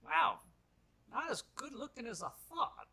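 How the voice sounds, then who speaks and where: A man's voice: very high voice, very animated, a little slow, vocal fry, pushed and bright, voice pushed up, full character voice. A man voicing an elderly, balding, gray-bearded male miner who speaks with formal, old-fashioned politeness. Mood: pompous.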